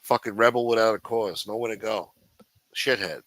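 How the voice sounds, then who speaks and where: A man's voice: fairly low pitch, normal speed, fairly bright tone, no room sound, poor audio. A man hosting a livestream, ranting with constant profanity in a sneering, contemptuous way. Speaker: livestream host.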